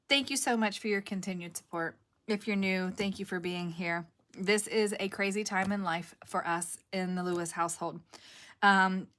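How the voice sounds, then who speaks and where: A woman's voice: mid-range voice, sharp tone. Chatty woman craft vlogger. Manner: rambling, chatty, self-correcting. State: has a cough drop in mouth. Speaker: craft channel host. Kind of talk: casual chat to camera.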